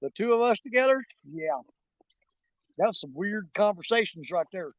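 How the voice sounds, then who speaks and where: A man's voice: high voice, animated, moderate pace, dry recording, highs cut off. A man hosting his fishing channel, chatting casually and jokingly with his viewers from outdoors by a river. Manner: rambling, folksy, jokey, with frequent fillers. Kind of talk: casual live-stream chat to viewers.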